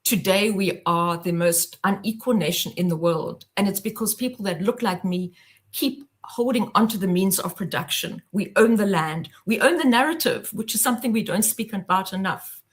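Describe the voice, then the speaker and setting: A woman's voice: mid-range voice, moderate pace. A South African woman speaking earnestly and with passion as a guest on an online panel. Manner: earnest, impassioned, speaks in long flowing sentences.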